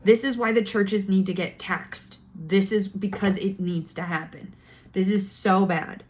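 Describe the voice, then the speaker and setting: A woman's voice: medium pitch, fairly even intonation, unhurried. A woman vlogging her opinions in a loose, conversational monologue. She talks with indignant emphasis and hammers her points home. Her voice sits in a middle range.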